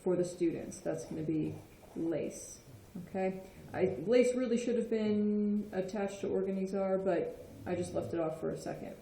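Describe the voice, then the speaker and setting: A woman's voice: mid-range voice, moderate pace, few pauses, dark tone, slight background noise. A woman explaining Spanish grammar in a patient lesson, often checking in with "okay?". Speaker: Spanish teacher. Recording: echoey room.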